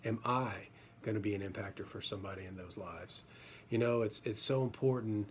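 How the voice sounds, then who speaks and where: A man with a somewhat low voice delivers a relaxed, conversational sermon. He stumbles over and repeats words, then settles into reading scripture. A faint noise hangs behind the voice. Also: a little fast. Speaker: preacher.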